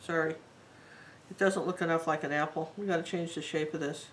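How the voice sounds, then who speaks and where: A woman's voice: deep voice, fairly even intonation, fairly quick, slight background noise, low-quality recording. A woman teaching a live painting tutorial, talking in a chatty and rambling way as she works. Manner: chatty, rambling and warmly enthusiastic. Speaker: art teacher.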